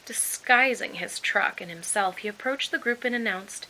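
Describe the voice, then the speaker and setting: A woman reading a children's picture book aloud in an expressive, animated way. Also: medium pitch, moderate pace, hardly any pauses, poor audio. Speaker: storybook reader.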